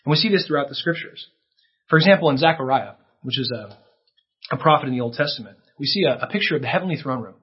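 A man's voice: mid-range voice, lively intonation, fast, slightly rough, dull audio. A man preaching a sermon in an earnest way, his voice rising for emphasis, with a few restarts. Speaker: pastor.

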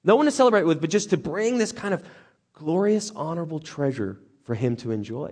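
A man preaching a sermon as lively storytelling, joking and acting out the characters. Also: a little high, a little fast. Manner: animated, jokey, acts out characters.

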